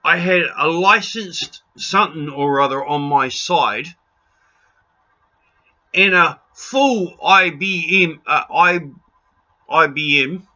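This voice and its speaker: A man's voice: on the high side, slow pace, long pauses, pushed and bright, dull audio. A New Zealand man in an impassioned rant to camera, blunt and pleading, raising his voice and swearing freely. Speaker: video blogger.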